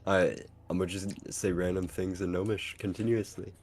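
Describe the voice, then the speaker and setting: A man playing a tabletop game character, hesitant and halting as he decides his moves. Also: deep voice, fairly even intonation, darkish tone. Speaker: player. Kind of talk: casual tabletop game play.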